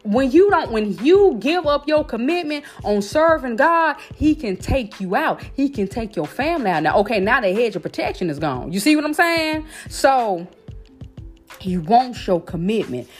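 Impassioned woman preaching with lively pitch. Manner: impassioned, rhythmic repetition, builds to exhortation; informal dialect, addresses audience as y'all. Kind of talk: sermon.

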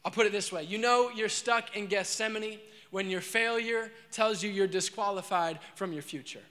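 A man's voice: high voice, moderate pace, pushed and bright, in a large hall. A man preaching a sermon as pastor, earnest and repetitive, asking the crowd questions.

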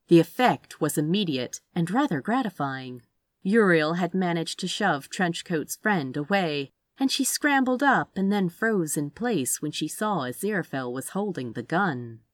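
A woman reading a story aloud in a measured, expressive narration. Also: deep voice, no room sound, clean studio sound. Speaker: reader.

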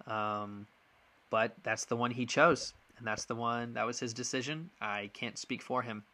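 Young male sports podcast host, bright voice, blunt and frustrated, loose casual delivery. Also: mid-range voice. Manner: frank, frustrated, many ums and restarts. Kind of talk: casual opinion monologue.

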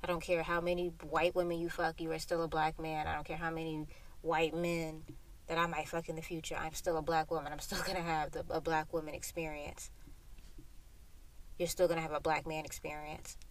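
A woman's voice: deep voice, level tone, fairly quick, a little hiss or hum. A young woman from Florida hosting a solo podcast, talking bluntly and heatedly with lots of swearing, recorded inside a parked car. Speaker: podcast host.

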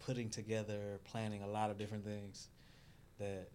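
A man who is a comedian and a podcast guest, talking in a laid-back way in casual chat and dropping to a low murmur at the ends of his lines. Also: monotone, normal speed, mellow, a little hiss or hum.

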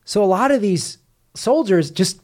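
A man's voice: high-pitched, measured pace. A man hosting a casual film podcast, telling a story with energy and retelling what others said. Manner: animated storyteller, retells quotes. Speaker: podcast host. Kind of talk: casual film review chat.

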